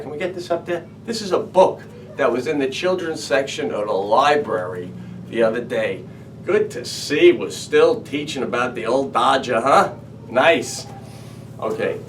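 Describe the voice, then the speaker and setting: A man hosting a comedy show, telling stories with animated, acted-out quotes. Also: medium pitch, noisy background. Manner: animated storytelling, acts out quoted voices. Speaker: comedian host. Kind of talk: comedic monologue. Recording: slightly distant mic, faint ambience.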